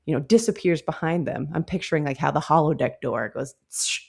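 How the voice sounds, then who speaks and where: A woman's voice: low-pitched, brisk, gravelly, husky. A woman co-hosting a casual book club chat, playfully acting out characters' lines as she talks. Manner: expressive, quotes characters in playful voices. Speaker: podcast co-host.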